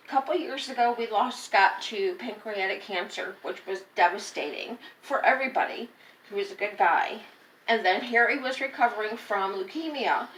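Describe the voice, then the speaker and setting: A woman's voice: a little high, fairly bright tone. A woman telling a personal story to her viewers in a casual, rambling way, often correcting herself mid-sentence. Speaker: vlogger. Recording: echoey room, distant mic, faint noise.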